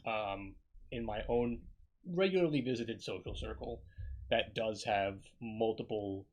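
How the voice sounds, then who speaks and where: A man's voice: on the low side, a little slow, rough recording. A man co-hosting a podcast, telling rambling, profane stories in casual chat. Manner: rambling, profane, animated storytelling. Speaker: podcast co-host.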